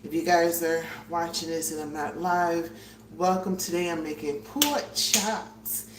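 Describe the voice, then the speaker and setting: A woman's voice: lowish voice, a little slow. A woman hosting a casual cooking livestream from her home kitchen, chatty and a bit out of breath, greeting viewers as she works. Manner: chatty, greets viewers by name, frequent fillers. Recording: roomy, distant, faint hiss.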